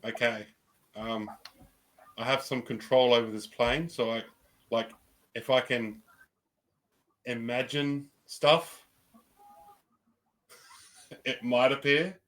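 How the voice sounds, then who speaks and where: A man's voice: mid-range voice, fairly even intonation, slow, long pauses, fairly bright tone, rough recording. A man playing a tabletop game, hesitant and thinking aloud, swearing casually. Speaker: player.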